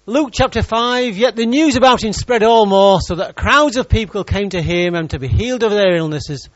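A man's voice: high voice, moderate pace, no room sound, highs cut off. A man preaching a sermon in church, reading scripture and joking with the congregation.

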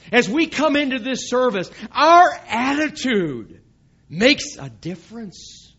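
Male pastor, high voice, slow emphatic sermon delivery, dull lo-fi recording. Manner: emphatic, reads scripture aloud, swells louder on key lines. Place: church service.

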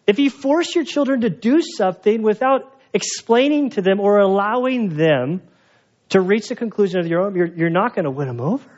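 A middle-aged male pastor preaching a conversational sermon, telling personal stories in an animated, self-mocking way. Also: high-pitched, moderate pace. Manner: animated, chatty storytelling with self-mocking humor. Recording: dull lo-fi sound.

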